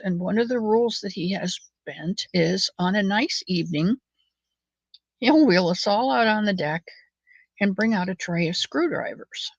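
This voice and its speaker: A woman chats to her viewers while she knits, telling folksy stories that wander from one thing to the next. Now and then she drops into a soft mutter as she works. The recording is dry and slightly muffled. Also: medium pitch, gravelly, dry recording. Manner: rambling, folksy storytelling with soft muttered asides. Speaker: knitting channel host. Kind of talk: chatty knit-along monologue. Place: at home, knitting.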